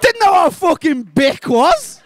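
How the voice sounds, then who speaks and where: A Liverpool man in his twenties doing a stand-up set, swearing freely and mocking people with quick put-on voices. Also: very high voice, sing-song, a bit bright, a faint crowd, a little hiss or hum. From England. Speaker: stand-up comedian. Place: comedy club stage.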